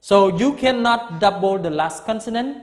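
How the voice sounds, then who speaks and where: A man in his fifties teaching an English grammar lesson, speaking slowly and emphatically and repeating key words. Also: high voice, long reverb tail.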